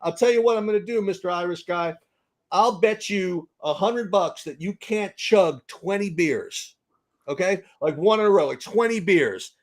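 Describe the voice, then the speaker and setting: A boisterous Texan bartender, put on by a man telling a joke. He talks up high and loud, stretching his words as he lays down a bet. The voice is brash and showy. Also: animated, normal speed. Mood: boastful.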